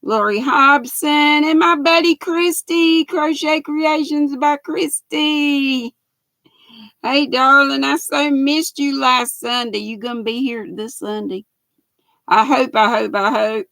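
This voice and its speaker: An older Southern woman with a bright, high voice and a gravelly edge, talking slow and easy as she hosts a livestream. She greets each of her viewers by name in a chatty, folksy way. The sound is close and dry. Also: fairly even intonation, no echo, poor audio. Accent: Southern American. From Southern United States. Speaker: livestream host. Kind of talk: casual chat with viewers.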